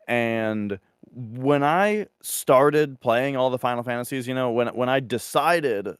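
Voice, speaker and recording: A man co-hosting a podcast in casual chat, rambling with lots of fillers and animated asides. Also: medium pitch, takes it slowly, clear, resonant tone, no echo, studio quality. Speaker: podcast co-host.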